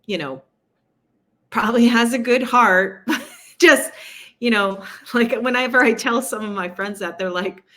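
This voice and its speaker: Her voice sits on the high side, bright and pushed. This New York City council candidate chats casually in an interview, full of quick asides and laughter at her own remarks.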